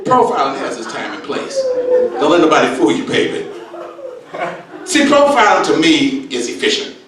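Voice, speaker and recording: A man in his sixties working a stand-up crowd, brash and streetwise with big exaggerations. His voice runs fairly high. He is heard from a distance in a very echoey room. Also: huge pitch swings, moderate pace. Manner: brash, streetwise, exaggerated, keeps calling people baby. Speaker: stand-up comedian. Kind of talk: stand-up routine.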